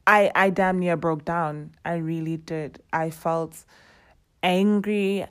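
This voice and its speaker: A young woman telling a personal story in a casual, animated way, acting out what people said. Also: low voice, a little slow. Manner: animated, acts out quoted dialogue, laughs often.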